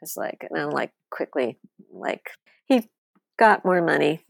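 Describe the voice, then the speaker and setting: Blunt, animated woman telling stories. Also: sits low, a little slow, vocal fry, no echo, clean studio sound. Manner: animated, blunt, swears freely. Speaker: wine author and guest. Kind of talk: storytelling interview talk.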